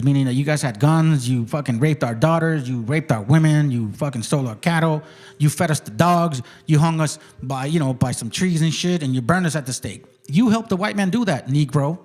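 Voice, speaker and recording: Brief: profane, swaggering male host, higher-pitched voice, arguing hard on a stream and reading text aloud. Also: brisk, a little mellow. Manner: claims he talks like this without getting mad. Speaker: channel host. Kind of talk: heated livestream argument, reading passages aloud.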